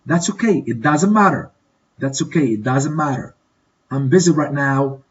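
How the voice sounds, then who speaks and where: Husky male teacher repeating model answers. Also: medium pitch, lo-fi sound. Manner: repeats model answers slowly and checks with "okay?". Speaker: English teacher. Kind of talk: classroom exercise walkthrough.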